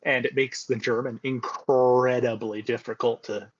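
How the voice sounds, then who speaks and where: A man co-hosting a podcast, chatting loosely about a series and working through his points with fillers. His voice sits at a middle pitch. The recording is slightly dull and muffled. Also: measured pace. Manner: relaxed storytelling with fillers. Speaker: podcast co-host. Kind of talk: casual chat.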